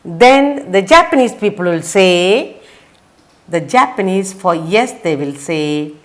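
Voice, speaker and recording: A woman with an Indian English accent teaches children a vocabulary lesson, spelling out letters and repeating each word. Her pitch is fairly low and her delivery animated, slow, and sing-song.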